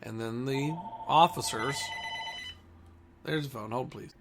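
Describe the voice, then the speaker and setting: A man's voice: medium pitch, slow pace, background noise. A man who owns a comic store, talking bluntly and combatively in a ranting monologue.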